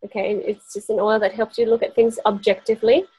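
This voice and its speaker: A woman's voice: a little high, little pitch movement, fairly quick, a little mellow, slightly rough, rough recording. A woman presenting essential oils to a small group, chatty and often laughing. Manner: chatty, laughing often, acts out quoted voices. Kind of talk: casual workshop talk to a group.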